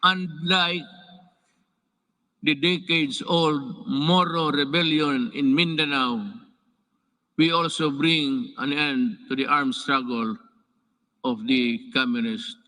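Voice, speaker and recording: Slow, forceful Filipino man in a hall. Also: a little high, steady tone. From Philippines. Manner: halting, with restarts and self-corrections. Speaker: head of state giving an address. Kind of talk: formal speech with off-script asides. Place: large indoor hall. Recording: long reverb of a large hall.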